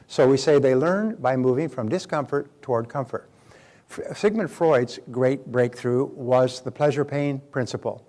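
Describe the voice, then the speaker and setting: A man's voice: medium pitch, a little mellow. An older man giving a motivational seminar talk who often repeats and restarts words and acts out the voices he quotes. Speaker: motivational speaker.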